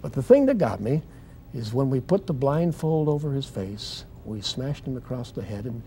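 An older man telling his testimony as a guest in a TV interview, fervent and swinging between loud and soft like a preacher. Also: mid-range voice, big pitch swings, normal speed, slight background noise.

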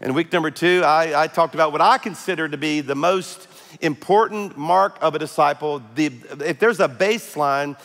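A man's voice: fairly high pitch, moderate pace, a bit bright, long reverb tail. A male pastor, preaching a conversational sermon with frequent fillers. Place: large church auditorium.

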